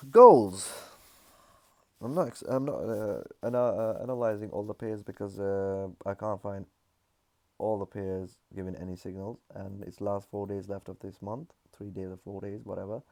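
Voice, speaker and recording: Male chart analyst, somewhat low and warm tone, casual and repetitive delivery, lots of ums and uhs. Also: level tone, normal speed, gravelly. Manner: loose, repetitive explaining with frequent fillers. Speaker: trading analyst. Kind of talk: casual market chart walkthrough.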